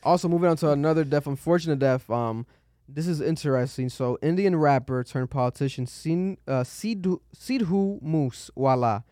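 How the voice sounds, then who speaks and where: A man hosts a podcast, riffing casually on the news with plenty of swearing. He gets animated and jumps way up in pitch whenever he mimics someone. The sound is close and dry, with little room around it. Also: moderate pace, no echo. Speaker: podcast host.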